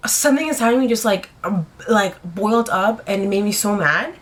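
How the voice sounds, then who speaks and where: A woman's voice: mid-range voice, expressive, moderate pace. Chatty young woman telling a wild story. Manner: rambling, heavy on "like" fillers, swears freely. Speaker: vlogger. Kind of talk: casual storytime to camera.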